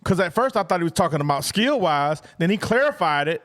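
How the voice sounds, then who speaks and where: A man with a high voice talks sports in easygoing podcast banter. He restarts his sentences often and gets animated when he mimics online trolls. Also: a little fast. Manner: animated, restarts a lot, mock-quotes trolls. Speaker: podcast co-host. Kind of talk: casual sports chat.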